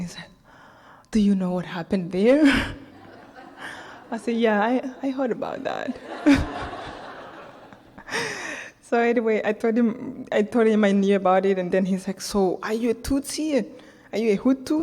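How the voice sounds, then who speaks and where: A woman's voice: medium pitch, warm tone. A woman from Rwanda with a Rwandan accent, telling a personal story in a talk, acting out the voices in it and laughing often. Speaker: author giving a talk. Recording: long hall reverb.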